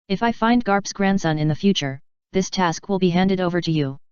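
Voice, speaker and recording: Woman voicing a boastful male pirate captain, low, smooth, dry lo-fi audio. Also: lively intonation, moderate pace, no room sound, lightly acted.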